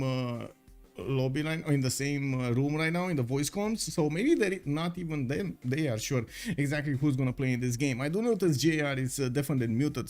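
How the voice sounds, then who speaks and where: A man's voice: mid-range voice, darkish tone. A man casting a live strategy game stream, greeting viewers politely and talking with frequent "uh" fillers. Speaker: esports caster.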